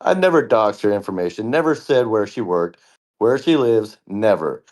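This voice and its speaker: A woman plaintiff giving court testimony, rendered in a low, unvarying monotone, as a man reads her part from a transcript. The delivery stays flat and deadpan throughout. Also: moderate pace, natural voice. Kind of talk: comedic court transcript reading.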